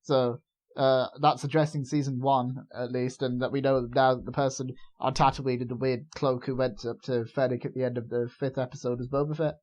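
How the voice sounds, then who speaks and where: A man's voice: medium pitch, little pitch movement, a little fast, a little mellow. A man co-hosting a casual review chat, talking loosely and hesitantly with many fillers. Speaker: review show co-host. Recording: dull lo-fi sound.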